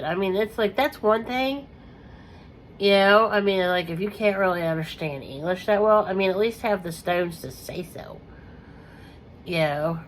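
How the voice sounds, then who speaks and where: A woman vlogging in a casual, rambling way, with many fillers, who keeps clearing her throat through a coughing fit. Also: mid-range voice, measured pace, a little hiss or hum, rough recording. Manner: chatty, lots of "you know" fillers, frequent throat clearing.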